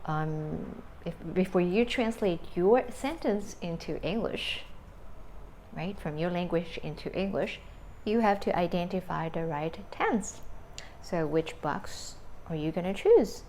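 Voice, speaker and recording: A woman teaching an English grammar lesson, explaining slowly step by step and checking in with "right?". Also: fairly low pitch, lively intonation, mellow, slight background noise. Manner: slow, deliberate explaining with frequent "right?" checks.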